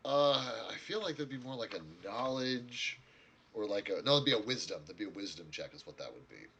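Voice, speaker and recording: Man, game master, tabletop game narration, rambling, low voice, faint hiss behind. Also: big pitch swings, a little fast, sharp tone. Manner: loose, rambling, searching for words.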